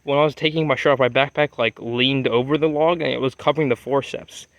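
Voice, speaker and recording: A young man rambles through a long story, swearing freely and trailing off when he loses his thread. His voice sits at an everyday middle pitch and sounds dry and close, with almost no room around it. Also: steady tone, fast, no room sound. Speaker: vlogger.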